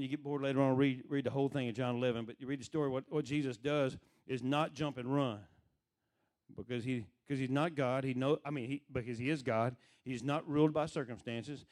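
A man's voice: mid-range voice, a little mellow. A man preaching a sermon in a conversational way, asking the congregation questions and acting out the voices he quotes.

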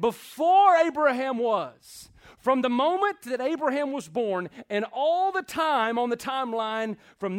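Pastor, high voice, middle-aged, preaches with dramatic pauses and hushed-to-loud swings. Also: male voice. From Texas. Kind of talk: sermon.

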